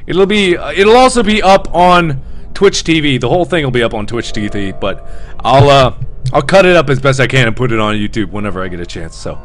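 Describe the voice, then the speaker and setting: A man's voice: mid-range voice, lively intonation, brisk, faint music behind. Jumpy man streaming a horror game. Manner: jumpy, talks to viewers, frightened outbursts then hushed muttering. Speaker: gaming host.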